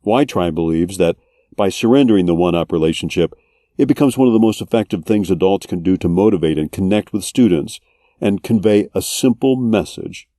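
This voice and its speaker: A man hosting a podcast, reading scripted narration in a calm, measured way. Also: low voice, no echo, studio quality. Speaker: podcast host.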